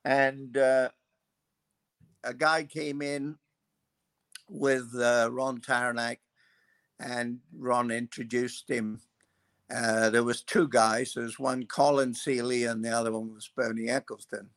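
A man's voice: mid-range voice, level tone, fairly bright tone, no room sound. Older man spinning loose stories. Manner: unhurried, loose, full of "uh" and "um". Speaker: guest, former racing mechanic. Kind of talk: anecdotal storytelling.

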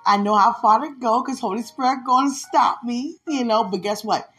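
This podcast host has a fairly high, fairly bright voice, with soft music playing behind her. Her casual monologue is affectionate and playful, punctuated by laughter, drawn-out exclamations, and frequent prayer.

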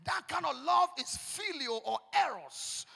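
Brief: Ghanaian male pastor, very high gravelly voice, shouting sermon in a long echoing hall. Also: animated, a little slow. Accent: Ghanaian English. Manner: fiery, shouting, repeats declarations. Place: church hall.

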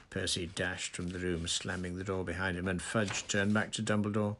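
A man reading a novel aloud in a measured, low-key narration. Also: fairly even intonation, a bit bright, a little hiss or hum. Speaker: audiobook reader.

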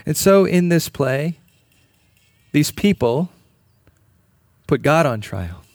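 A man's voice: a little high, very animated, takes it slowly, long pauses, a little mellow, dry recording, studio quality. A man preaching a sermon in an earnest, emphatic way, repeating key phrases. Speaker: pastor.

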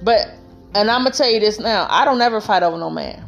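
A woman's voice: medium pitch, animated, fairly quick, vocal fry, muffled recording, faint music behind. A woman vlogging relationship advice in a casual, heartfelt monologue, telling her story emphatically and speaking straight to other women.

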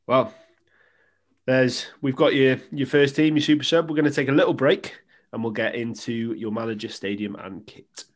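Relaxed man hosting a podcast. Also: mid-range voice, normal speed. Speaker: podcast host. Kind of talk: casual chat.

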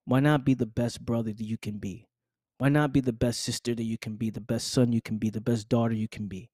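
A man's voice: mid-range voice, steady tone, a little fast, mellow, dry recording, studio quality. A man hosting a podcast, delivering a preachy motivational monologue straight to the listener, repeating phrases and calling them "fam.". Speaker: podcast host.

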